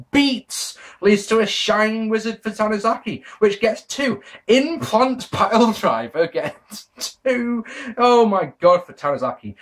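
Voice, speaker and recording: Brief: male reviewer, excitable and self-correcting, animated pitch. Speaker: video reviewer. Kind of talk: casual wrestling DVD review.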